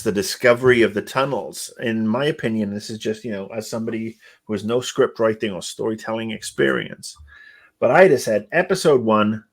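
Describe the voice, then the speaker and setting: A man co-hosting a casual podcast discussion, rambling and sarcastic, swearing freely and full of fillers. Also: fairly low pitch. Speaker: podcast co-host.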